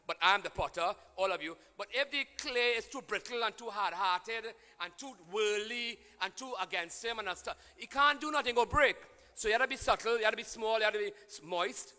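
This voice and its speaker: Man, priest, sermon, bright ringing voice, call-and-response, long church reverb. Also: sits high. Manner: call-and-response preaching, swings from quiet to shouting.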